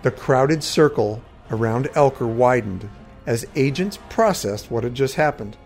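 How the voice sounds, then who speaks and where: A man narrating a first-person fantasy adventure story in a dramatic, steady way. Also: mid-range voice, a little slow. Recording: faint background music.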